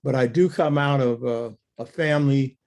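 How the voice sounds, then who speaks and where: A man's voice: mid-range voice, normal speed, gravelly, a little mellow. An older man telling a family story in an interview, blunt and earthy, acting out the quoted dialogue.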